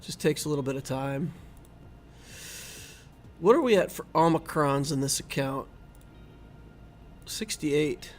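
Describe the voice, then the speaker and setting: Chatting easily with his viewers, a middle-aged gaming channel host offers casual live-stream commentary against soft background music. His slightly high voice is animated, though he speaks a little slowly and pauses often.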